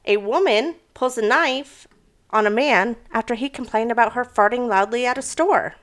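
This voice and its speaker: A young podcast co-host with a fairly high, fairly bright voice talks at a normal speed. In this casual chat she reads out odd news stories, telling them with animation and plenty of swearing.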